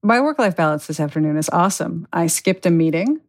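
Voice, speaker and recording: Woman, 30s, teacher, podcast guest, low gravelly voice, chatty, giggly. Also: brisk, a little hiss or hum. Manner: chatty, animated, giggly, with many fillers. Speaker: guest, schoolteacher. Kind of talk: casual podcast conversation.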